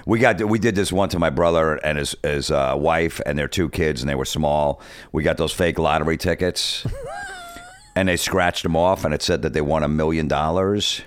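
Deep-voiced laid-back male comedian. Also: normal speed. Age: middle-aged. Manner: laid-back, blunt prankster storytelling. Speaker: comedian guest. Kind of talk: casual comedic storytelling chat.

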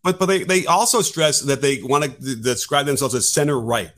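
A man's voice: medium pitch, a little fast, fairly bright tone. A man co-hosting a political podcast, speaking casually and wryly, often restarting his sentences. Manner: wry, casual, with frequent restarts and hedges. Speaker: podcast co-host.

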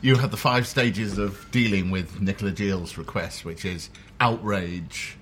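Over a restaurant meal, a London man hosts a casual chat, telling wry stories that poke fun at himself. His voice is low and unhurried with a fairly bright tone. Cutlery and dishes clatter in the background, and there's slight background noise.

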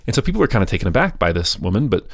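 A man's voice: fairly low pitch, big pitch swings, very fast, vocal fry, no room sound, studio quality. A man hosting a history podcast, telling the story casually with jokey asides and restarts. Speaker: podcast host.

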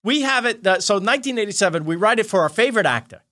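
A middle-aged man telling lively anecdotes as a podcast guest, excitable and quick to laugh. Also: high voice. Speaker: guest, writer-producer.

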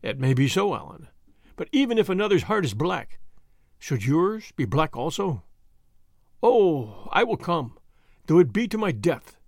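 A man reading the part of a solemn old Boer father, speaking in a low, melancholy, groaning way. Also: sing-song, a little slow, long pauses, no room sound, studio quality, full character voice. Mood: gloomy.

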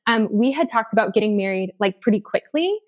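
A woman's voice: medium pitch, animated, a little fast. A woman from Denver, an author and podcast guest, telling her story in a chatty way full of "um" and "like". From Denver, USA. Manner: chatty, many fillers like "um" and "like". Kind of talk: casual storytelling chat.

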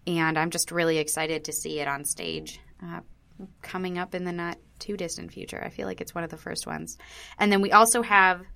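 Bright-voiced chatty woman podcaster. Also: fairly low pitch, fairly even intonation, a little fast, creaky. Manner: chatty, rambling with many fillers and restarts. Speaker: podcast co-host. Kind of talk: casual chat.

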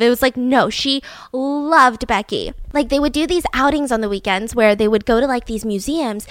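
A woman's voice: sits high, brisk, few pauses, dry recording, clean studio sound. Chatty young woman telling a story. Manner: animated, chatty, lots of fillers. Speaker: storyteller host. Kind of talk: casual storytelling chat.

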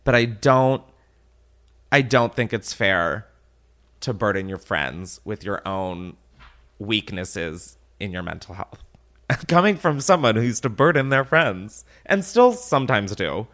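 A man's voice: on the low side, sing-song, takes it slowly, fairly bright tone. A man hosting a podcast, ranting casually and exasperatedly with lots of swearing. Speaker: podcast host.

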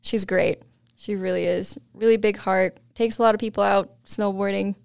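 A young woman guest on a podcast, telling a story in casual chat, laughing often and animated when quoting others. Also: medium pitch, normal speed, creaky, clear, resonant tone, dry recording, studio quality.

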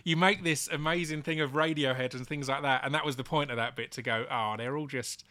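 A man chatting casually as a podcast guest, relaxed and laughing easily. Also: fairly high pitch, fast talker, dry recording. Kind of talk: casual chat.

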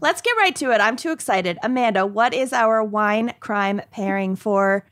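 A woman hosting a casual podcast, with a drawn-out, playful delivery. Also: mid-range voice, a bit bright. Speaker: podcast host. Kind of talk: casual chat.

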